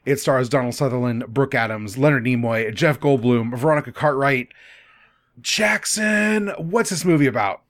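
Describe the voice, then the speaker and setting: A man hosting a podcast in casual chat, relaxed and steering the talk over a remote call. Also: mid-range voice, moderate pace. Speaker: podcast host. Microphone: remote call mic.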